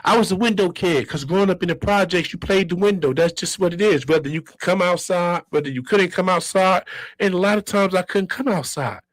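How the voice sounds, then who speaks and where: A man in his fifties from Brooklyn with a New York accent, telling stories as a guest in an animated, streetwise and profane way. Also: high-pitched, brisk, dry recording, rough recording. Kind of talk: casual storytelling.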